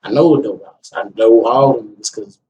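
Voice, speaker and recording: A young man casually telling a personal story, acting out what people said with a raised, animated voice. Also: mid-range voice, brisk. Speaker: guest telling his story. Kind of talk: casual conversation. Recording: distant mic with faint ambient noise.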